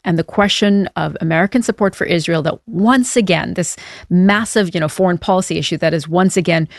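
A woman correspondent talks through a political story in a measured, explanatory way. Her voice sits on the lower side, and the recording is dry and close. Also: dry recording. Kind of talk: news analysis discussion.

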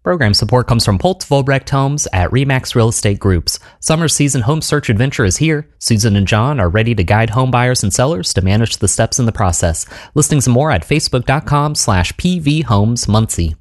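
A man's voice: medium pitch, no room sound. Dry-voiced male station announcer. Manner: even, measured announcer read. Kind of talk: scripted sponsor announcements.

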